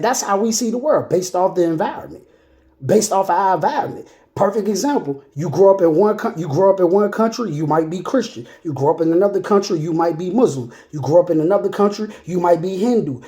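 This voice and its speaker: A woman speaks as a motivational speaker, with a mellow, darker tone at a middle pitch. She drives her points home by repeating them in casual street phrasing. She keeps asking whether the listener is following her. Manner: emphatic and repetitive, often checking in with the listener. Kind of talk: motivational monologue.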